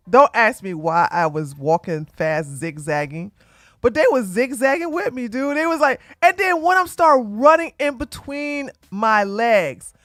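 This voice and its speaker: A woman hosting her own channel, telling a casual story to her audience in an animated way and laughing often as she talks to the ladies. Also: on the high side, dry recording, clean studio sound. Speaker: commentary channel host.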